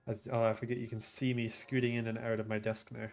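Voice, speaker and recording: A man streaming a game, reading its text aloud and chatting casually in a relaxed, trailing-off way. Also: medium pitch, fast talker, soft background music.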